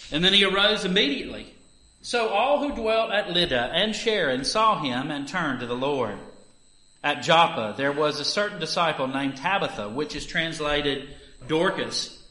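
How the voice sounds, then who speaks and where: A bright, emphatic man reading scripture in an echoey room. He has a slightly high voice and a forceful edge. He reads the passages aloud for a church service and lifts the delivery on the key lines.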